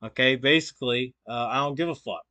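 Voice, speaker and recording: A man's voice: mid-range voice, brisk, bright, forceful tone. A man co-hosting a live stream, reacting with sarcastic, profane mockery in a casual chat. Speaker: stream co-host.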